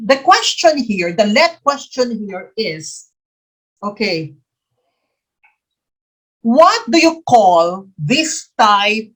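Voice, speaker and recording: A woman with a Filipino accent teaching a live exam review quiz, repeating each question and answer and slipping into Tagalog. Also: on the high side. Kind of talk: live online quiz coaching.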